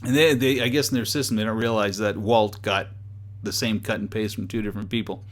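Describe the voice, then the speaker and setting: A man's voice: fairly low pitch, fairly even intonation, a little fast. A man giving casual, amused commentary as a dating site reviewer, with wry sarcastic asides. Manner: amused, chuckling between remarks.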